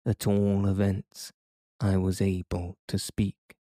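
A man with a low voice narrates a scripted audiobook at a measured, even pace. There's no room sound, just clean studio audio.

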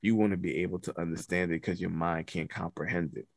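A man's voice: low-pitched, a little fast, creaky, no echo, studio quality, pitched below the performer's own voice. A man doing a cocky, slangy angel. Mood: explaining. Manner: laid-back, slangy, profane. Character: casual slangy male angel, blunt and cocky.

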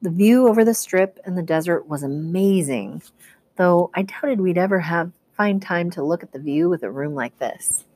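A woman teacher reading a novel aloud to students, telling the first-person story at a steady pace. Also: on the low side, normal speed, no echo.

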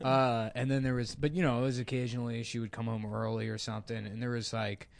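A man's voice: medium pitch, level tone, fast, gravelly. Male podcast host, mid-range voice, loose rambling storyteller, casual chat. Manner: rambling anecdotes full of fillers, breaking into laughter.

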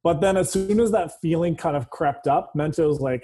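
A man speaking as a guest in a casual conversation, open and matter-of-fact, with a dark sense of humor. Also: a little high, a little fast, few pauses.

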